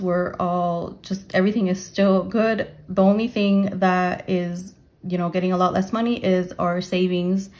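A young adult woman talking casually to her viewers about her family budget, rambling with fillers, then counting cash aloud in a steady rhythm. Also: medium pitch. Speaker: budgeting vlogger. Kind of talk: casual talk to camera while counting cash.

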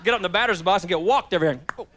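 Bright-voiced stand-up comic. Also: male voice, sits high, rapid-fire, slight background noise. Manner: folksy storytelling, mimics his father. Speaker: stand-up comedian and emcee. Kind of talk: stand-up comedy. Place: comedy club stage.

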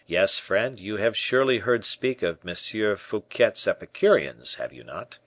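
A man voicing a suave, scheming churchman who speaks in soft, honeyed tones. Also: lowish voice, very animated, a little slow, dry recording, exaggerated voice.

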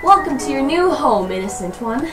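A woman voicing a kindly motherly female monster guide in a let's play, with a put-on accent and gentle formal speech. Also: high voice, sing-song, very fast. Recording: roomy, distant mic, background music.

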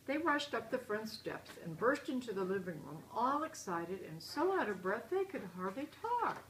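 A woman's voice: a little high, sing-song, normal speed, a bit bright, a little hiss or hum, poor audio. A woman reading a children's picture book aloud in a chatty way, stopping to point out the pictures. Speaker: storyteller.

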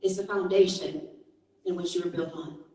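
A woman preacher telling a story within a sermon, animated and emphatic. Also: lowish voice, moderate pace. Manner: animated, emphatic, rising to exhortation. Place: church. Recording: echoey church hall from far off.

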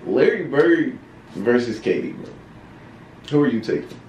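A man's voice: medium pitch, animated, a little slow, darkish tone, dull audio, a little hiss or hum. Insistent young man, roomy echo. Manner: insistent, says "bro" constantly. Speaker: reaction video host. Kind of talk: casual argument with brother. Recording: echoey room, mic far off.

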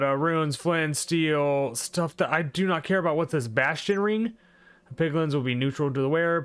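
A man giving live commentary over his own gameplay, excitable and full of exclamations and mild swearing. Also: mid-range voice, clean tone. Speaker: gaming video creator.

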